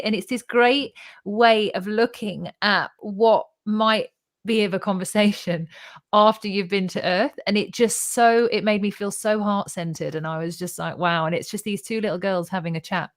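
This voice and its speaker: A woman hosting a casual live conversation, telling stories in an animated, chatty way. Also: mid-range voice, normal speed. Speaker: host of a live spiritual talk stream.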